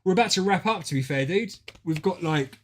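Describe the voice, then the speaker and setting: A man's voice: sits high, a little fast. Sweary British man streaming a game. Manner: excitable, banter-heavy and sweary, reacting to guesses. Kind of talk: casual gaming stream chat.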